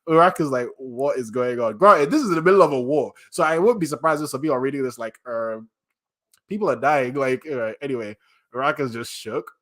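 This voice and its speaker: A man giving casual, excitable reaction commentary on a manga chapter, full of slang. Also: mid-range voice, fairly quick. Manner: excitable, slangy, reads panels aloud with bursts of laughter.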